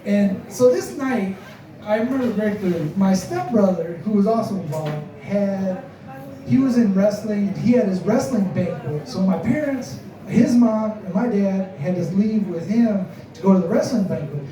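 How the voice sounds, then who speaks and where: A man's voice: high voice, animated, normal speed, warm tone. A man telling a comic story to a live crowd, chatty and self-mocking, often laughing through his lines. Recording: echoey room, mic far off.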